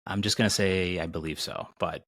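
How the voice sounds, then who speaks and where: A man's voice: low voice, steady tone, a little fast, gravelly, fairly bright tone, no room sound. An American man hosting a podcast as a recovery coach, easygoing and jokey in casual chat. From United States.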